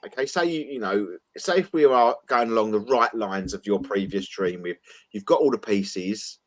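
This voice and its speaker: A man's voice: on the low side, moderate pace. A man co-hosting a casual talk show. He eagerly interprets a dream, stumbling over repeated words. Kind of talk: casual chat.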